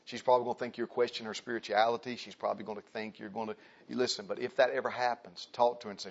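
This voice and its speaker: Male preacher, husky voice, emphatic and repetitive sermon delivery, dull lo-fi recording. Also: medium pitch, racing. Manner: emphatic, repeats phrases, turns to address the men and women in turn.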